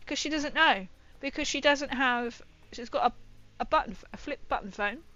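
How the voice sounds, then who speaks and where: A woman's voice: sits high, normal speed, bright, forceful tone, dull audio. A young woman chatting casually on a livestream while building a model, rambling and often laughing.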